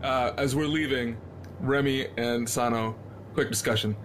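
A man's voice: medium pitch, fairly even intonation, unhurried, a bit bright, a little hiss or hum. Eager man playing a tabletop game. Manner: eager, persuasive. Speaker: player. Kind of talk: tabletop role-play.

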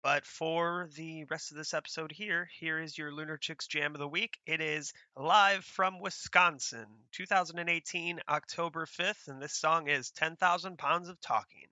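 A man reading a podcast outro in a brisk announcing manner. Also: on the high side, steady tone, pushed and bright, no echo, dull audio. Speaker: podcast host.

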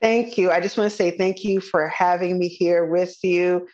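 A woman speaking as a guest in a podcast interview, enthusiastic and conversational, slowing down to stress key words. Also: on the low side, fairly even intonation, a little mellow, muffled recording. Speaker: interview guest, nurse informatics specialist.

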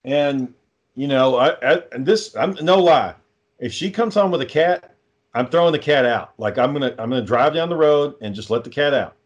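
A young man chats casually and recounts a story with heavy swearing. His delivery is exasperated and ranting, at an ordinary middle pitch. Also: expressive, normal speed, dull audio. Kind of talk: casual chat.

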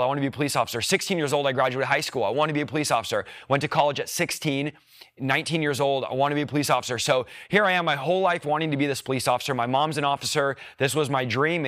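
A man's voice: mid-range voice, a bit bright, no echo, studio quality. A young man earnestly telling his personal faith testimony, retelling near-death events with quoted thoughts and emotion. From rural background. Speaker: guest sharing a testimony.

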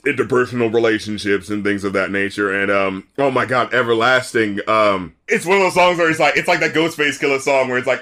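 A man co-hosting a podcast in casual, animated chat, laughing often, swearing freely and acting out quotes. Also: medium pitch, fast, hardly any pauses. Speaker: podcast co-host reviewing albums.

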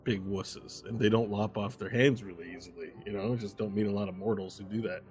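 A man's voice: lowish voice, steady tone, a little fast, darkish tone, natural voice. A man voicing a boastful, rambling immortal devilish figure in a bar during a tabletop game. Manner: chatty, rambling, tipsy.

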